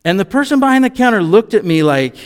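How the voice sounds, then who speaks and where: A man's voice: high-pitched, big pitch swings, fast talker, clear, resonant tone. Man preaching a sermon in a reverberant hall. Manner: conversational, reads scripture then explains it with asides. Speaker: pastor.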